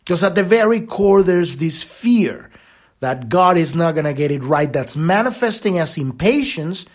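A man hosting a podcast, talking in a casual spiritual monologue, rambling and animated, swearing now and then and acting out quoted voices. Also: fairly high pitch, unhurried. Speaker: podcast host.

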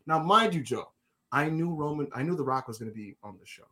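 Animated man telling a story. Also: fast, a little hiss or hum. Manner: animated storytelling, swears, gets loud and high when excited. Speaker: podcast host. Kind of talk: casual chat.

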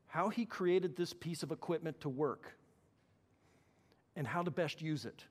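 Male pastor, high-pitched and animated, preaching in a church hall with long reverb. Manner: animated, acts out quoted voices. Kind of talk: sermon.

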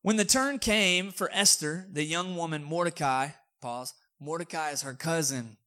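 Pastor, chatty humorous sermon, slightly high male voice. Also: moderate pace, sharp tone. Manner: casual, joking, conversational preaching.

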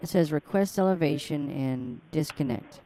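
A woman's voice: low-pitched, moderate pace, noisy background. An older woman baiting a scammer on a prank phone call, mocking and taunting him crudely. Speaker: scam baiter on a call.

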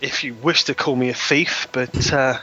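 A man's voice: medium pitch, fairly even intonation, normal speed, bright, forceful tone, muffled recording, voice pushed down, natural voice. A man voicing a sly male thief who talks in a cagey, evasive drawl.

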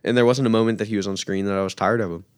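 A man's voice: lowish voice, steady tone, very fast, clear, resonant tone, no echo, clean studio sound. A man co-hosting a podcast, giving earnest, thoughtful opinions in a casual movie chat.

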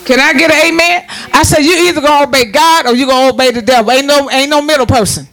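A man preaching a sermon, calling out to the congregation for responses and rising into shouts. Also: extremely high pitch, fast talker.

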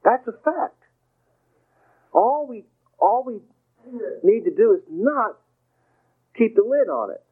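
A man giving a gentle, folksy motivational talk, reassuring and playful as he speaks to the listener. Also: sits high, big pitch swings, slow pace, pauses often, slightly rough. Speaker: inspirational speaker. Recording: tinny phone-like radio broadcast.

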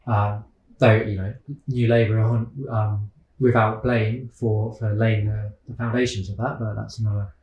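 A man's voice: on the low side, level tone, normal speed, echoey room, muffled recording. A man answering interview questions about the economy in a casual, hesitant way, with many fillers and restarts. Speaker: guest economist.

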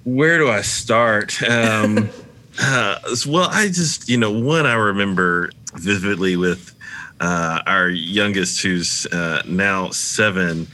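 A middle-aged man, a pastor guest on a podcast, telling stories in a casual, animated way and laughing easily. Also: on the low side, takes it slowly.

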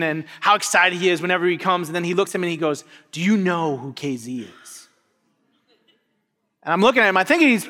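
Bright-voiced man preaching in an echoing church. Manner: animated storyteller, voice rising high for the climax. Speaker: pastor. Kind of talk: storytelling sermon. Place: church sanctuary. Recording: long reverb of a church hall.

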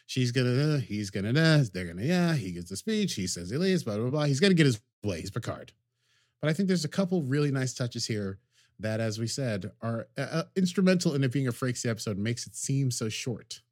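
Male podcast co-host, mid-pitched, dry close sound, rambling, jokey recap delivery. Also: sing-song, fairly quick, darkish tone, no room sound. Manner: rambling, jokey, acts out characters' lines. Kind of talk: casual recap chat.

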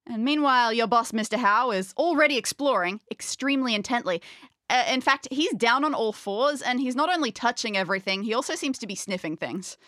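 A woman narrating a tabletop game as game master in the second person, lively and wry. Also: fairly high pitch, a little fast, no room sound, studio quality.

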